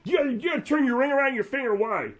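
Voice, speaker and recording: A man's voice: very high voice, animated, fast, dull audio, pitched above the performer's own voice. A man voicing a dim, eager male sidekick who stammers and talks in a folksy way. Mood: goofy.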